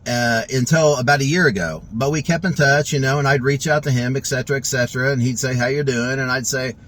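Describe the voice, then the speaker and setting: A man giving an emotional personal testimonial, rambling and halting with many restarts and fillers, choked up and close to tears, recorded in a vehicle. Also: medium pitch, fairly bright tone, low-quality recording.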